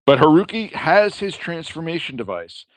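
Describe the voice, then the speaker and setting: Podcast co-host guy, kinda high voice that moves around a lot, talks slow. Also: big pitch swings, a little hiss or hum. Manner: brief agreeing replies, laughs often. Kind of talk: casual chat.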